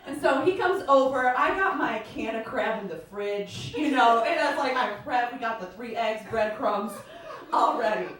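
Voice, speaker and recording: A woman's voice: fairly high pitch, animated, moderate pace, fairly bright tone, very echoey, far from the mic. A woman from the American Midwest performing a chatty, self-deprecating stand-up comedy set in a comedy club, often laughing at her own lines. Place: comedy club stage with audience.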